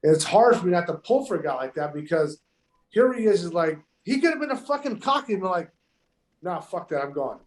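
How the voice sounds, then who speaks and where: A man's voice: sits high, very animated, fairly quick. A man, a professional golfer, telling stories in casual podcast chat, emphatic and heavily profane. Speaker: pro golfer guest. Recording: echoey room.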